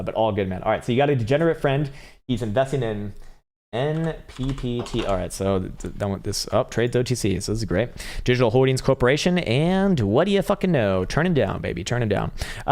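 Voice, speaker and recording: An American man in casual live-stream commentary, reading viewer comments aloud and talking through charts in a laid-back, profane way. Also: mid-range voice. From United States. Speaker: livestream trading analyst.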